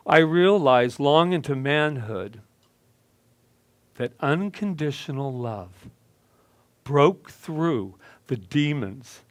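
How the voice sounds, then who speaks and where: A male minister tells a personal story at a very slow, deliberate pace. His voice sits in a middle pitch and leans into the dramatic moments. The recording is dry and close, with little room sound. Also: no room sound. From United States.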